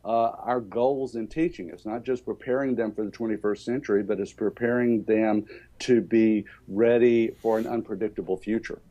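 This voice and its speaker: An older man with a Southern accent, answering interview questions about education in a halting way, with many fillers and restarts. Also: fairly low pitch, fairly even intonation, mellow, highs cut off. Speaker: education speaker.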